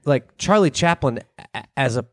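A man co-hosting a casual podcast, talking in loose, rambling runs. He often breaks off into a laugh and hops from one thought to the next. His voice sits in a middle pitch, recorded dry and close to the mic. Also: lively intonation, moderate pace, no echo. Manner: rambling, laughs mid-sentence, jumps between thoughts. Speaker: podcast co-host. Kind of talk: casual chat.

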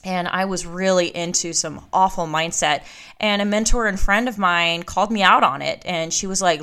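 A woman's voice: fairly low pitch, normal speed, sharp tone, clear, resonant tone. A woman hosting her own podcast, talking candidly and emphatically in a motivational monologue. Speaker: podcast host. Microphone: podcast microphone.

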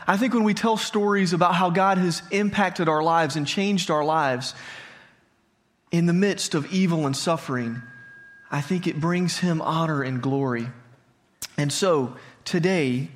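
A man in his late thirties gives a sermon in a relaxed, conversational tone. His voice sits a little high, and he often turns to the congregation with questions. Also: a little slow. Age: 30s. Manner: conversational, asks the audience questions. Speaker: pastor. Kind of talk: sermon with personal story. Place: church hall before a congregation.

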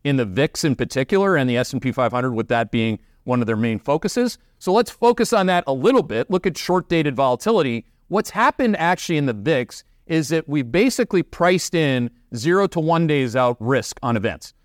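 A man's voice: mid-range voice, big pitch swings, fairly quick, few pauses, no echo, clean studio sound. A Canadian man hosting a market commentary show, talking bluntly and emphatically with many fillers. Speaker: investment show host.

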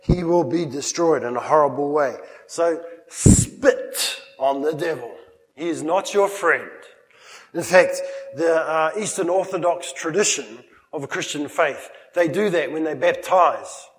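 A man's voice: on the high side, unhurried, long reverb tail, low-quality recording. A man preaching a sermon, emphatic and with playful humorous asides. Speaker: pastor. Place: church.

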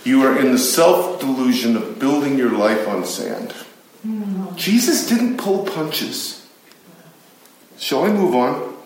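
A man's voice: medium pitch, very animated, slow pace, pauses often, a little mellow, slight background noise. A man preaching a conversational sermon, emphatic and chatty, with asides to his listeners. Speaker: pastor teaching a Bible study. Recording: very echoey room.

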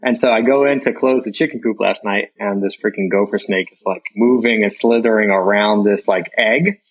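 A man guest on a podcast, telling a story in a relaxed way and laughing often. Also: on the low side, normal speed, low-quality recording. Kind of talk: casual chat.

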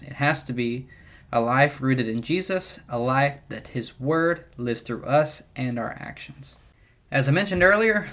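A young adult man hosting a podcast, giving an earnest, measured devotional teaching with occasional wry asides. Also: mid-range voice, fairly bright tone. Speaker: podcast host teaching the Bible.

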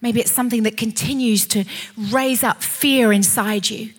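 A woman preaching a sermon, building to impassioned, shouted declarations. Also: fairly high pitch, steady tone, moderate pace, slightly rough.

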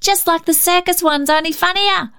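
Lady doing a little boy, literal and jumpy, high voice. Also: no echo, clean studio sound, full character voice. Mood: excited. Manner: blunt, quick to get wildly excited. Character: literal-minded, timid small boy.

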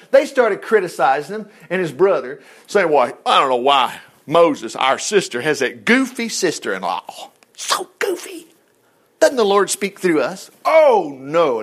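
A man with a drawl talks through scripture in a folksy, animated way. His voice sits high and swings widely as he acts out what the people in the story say. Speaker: Bible teacher. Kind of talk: folksy Bible study teaching.

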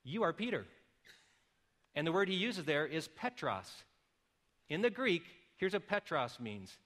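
A middle-aged man delivers a sermon in a bright, clear voice pitched a little high. He moves from calm, careful explanation to loud, emphatic calls. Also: measured pace. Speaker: pastor.

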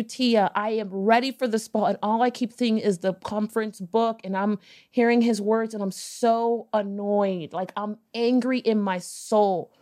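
A woman guest on a podcast, telling a personal story in a casual, animated way, acting out bits of dialogue and swearing now and then. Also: mid-range voice. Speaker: podcast guest, business owner.

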